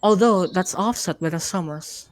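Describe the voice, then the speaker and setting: A woman with a low voice narrates a first-person story on a live reading stream. Her reading is steady and easygoing, and the sound is close and dry. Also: normal speed, dry recording. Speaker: host and narrator.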